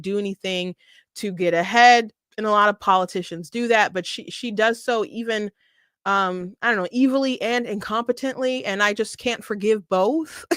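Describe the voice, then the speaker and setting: A woman's voice: mid-range voice, fairly bright tone, dry recording, studio quality. A woman hosting a casual political commentary monologue, opinionated, laughing often and restarting her sentences, with slight hiccups.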